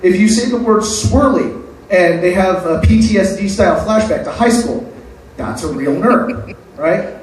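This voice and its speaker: A man works through an open-mic stand-up set, his crude, self-mocking punchlines landing with a slightly raised pitch. The recording is heavily echoey and picked up from a distance. A faint hum of noise sits under everything. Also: a little slow. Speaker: stand-up comedian. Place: open mic night venue. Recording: echoey room, mic far off.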